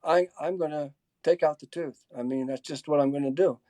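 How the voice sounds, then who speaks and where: Halting man on a webinar call. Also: a little high, warm tone, no room sound. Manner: halting, many restarts and fillers, reads out audience questions. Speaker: webinar speaker answering questions. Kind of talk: casual Q&A in a webinar.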